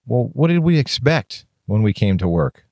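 A man's voice: medium pitch, very animated, moderate pace, mellow, no echo, studio quality. A man hosting his own podcast as a firefighter, talking openly and bluntly with casual swearing and rambling restarts. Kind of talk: candid solo podcast monologue.

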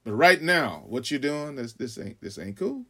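A man preaching a sermon, calling out "huh?" to the congregation, stammering on repeats and swinging from shouts to hushed asides. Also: mid-range voice, sing-song, normal speed. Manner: call-and-response, frequent "huh?"; stammering repeats when building. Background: congregation laughing.

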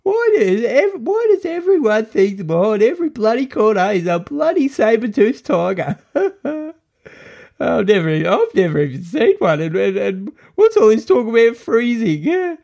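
A man's voice: high-pitched, big pitch swings, moderate pace, creaky, darkish tone, voice pushed up, heavily acted. A man voicing a bewildered, grumbling male cave man who rants in exasperation. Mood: exasperated.

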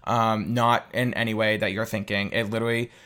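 A young man telling a casual, candid story, animated and swearing freely. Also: fairly low pitch, fairly quick.

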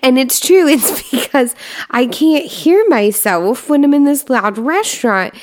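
A woman co-hosting a podcast with her husband, chatting casually with frequent laughter and a slightly squeaky, nasal voice. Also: expressive, unhurried, darkish tone. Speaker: podcast co-host. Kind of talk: casual chat.

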